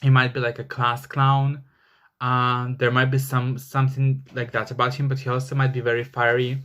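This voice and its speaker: A man's voice: medium pitch, completely flat delivery, normal speed, a bit bright. A man giving a casual tarot reading, rambling with many fillers and flaring into angry swearing. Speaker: tarot reader.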